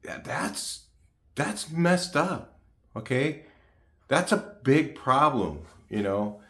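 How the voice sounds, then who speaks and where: In his home garage, a car channel host in his sixties rambles casually to the camera for his viewers. His mid-range voice is expressive, slow and slightly bright, and he's chatty, repeating himself with frequent fillers and restarts.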